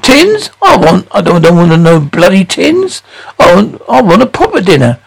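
A middle-aged Cockney father in a sitcom. He blusters and moans and feels hard done by. He has a gravelly edge and swings widely in pitch. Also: huge pitch swings, moderate pace, exaggerated voice, low-quality recording. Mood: self-pitying. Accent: Cockney London. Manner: blustering, whining complaints. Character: grumpy loud-mouthed working-class father, middle-aged, self-pitying. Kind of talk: studio sitcom radio soundtrack.

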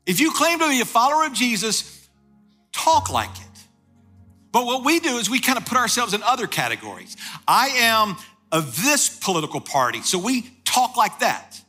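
Animated, bright-voiced male preacher. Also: very high-pitched, normal speed, slightly rough, faint music behind. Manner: storytelling, emphatic repetition. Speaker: pastor. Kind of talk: sermon.

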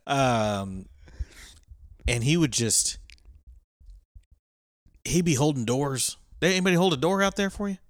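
A man from Texas co-hosting a podcast, chatting in an animated way and asking lots of questions. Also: mid-range voice, a little slow, pauses often, dry recording, clean studio sound. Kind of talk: casual chat.

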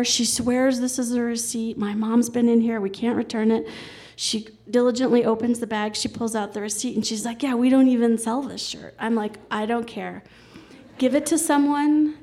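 A woman telling a personal story on stage, lively and acting out the voices of the people in it. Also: fairly high pitch. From Colorado. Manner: lively, acts out the quoted voices.

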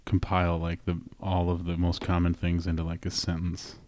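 Deep-voiced joking podcast host. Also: male voice, monotone, moderate pace, a little mellow. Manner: joking, teasing, chatty. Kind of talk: casual podcast chat.

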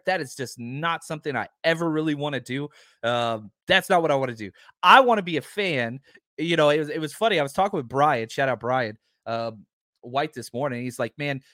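A man hosting a casual live podcast, talking in a rambling, excitable way with lots of fillers. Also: a little high, no echo, studio quality. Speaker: podcast host.

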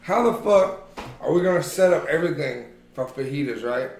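A man's voice: on the high side, a little fast, vocal fry, a little hiss or hum. A man co-hosting a casual podcast, telling rowdy, profane stories to his friends. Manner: profane, animated storyteller. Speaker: podcast co-host. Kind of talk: casual chat among friends. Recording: roomy echo.

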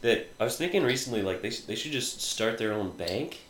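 A man's voice: mid-range voice, lively intonation, a little fast, fairly bright tone, echoey room, poor audio. A man hosting a podcast, talking in brash, mocking, profane banter. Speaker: podcast host. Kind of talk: casual chat.

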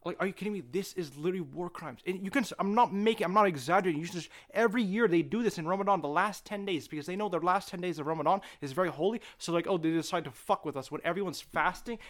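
A man's voice: sits high, very fast, few pauses, a bit bright. A young man from Palestine, a podcast guest, arguing in casual chat in a heated, profane, argumentative way.

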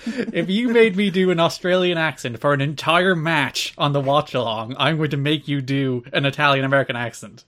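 A man's voice: a little high, normal speed, fairly bright tone. A young man co-hosting a podcast in casual banter, with a dry teasing wit and bits of mock outrage. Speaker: podcast co-host.

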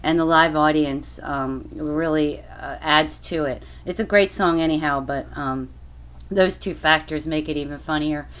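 Female caller, low-pitched, easygoing ramble. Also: fairly even intonation, measured pace, a bit bright, clean tone. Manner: chatty and rambling, many ums. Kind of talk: casual chat.

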